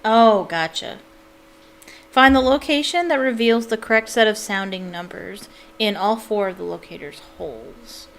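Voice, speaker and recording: A woman's voice: mid-range voice, normal speed, a little hiss or hum. A young woman casually commenting on a puzzle game, musing aloud and hesitant, with many fillers. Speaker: let's play gamer.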